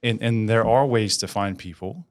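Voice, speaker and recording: A man's voice: lowish voice, normal speed. A man in a casual interview as a guest business implementer, talking energetically and often checking for agreement. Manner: energetic, asks for agreement with frequent "right?".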